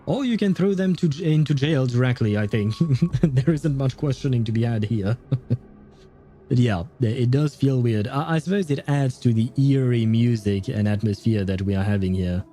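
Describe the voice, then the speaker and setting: Male livestream host, relaxed and chatty, warm mid voice. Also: medium pitch, normal speed, soft background music. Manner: chatty, hesitant, laughs often. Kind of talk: gameplay commentary.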